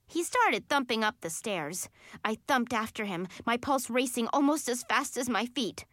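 A woman reading a first-person children's book aloud in an animated, expressive way. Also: on the high side, normal speed, no room sound, clean studio sound. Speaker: audiobook narrator.

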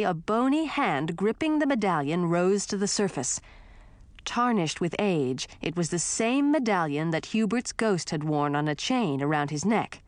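A woman reading a fantasy story aloud as narrator, in a clear storytelling read. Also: on the low side, dry recording. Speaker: audiobook narrator. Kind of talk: scripted narration.

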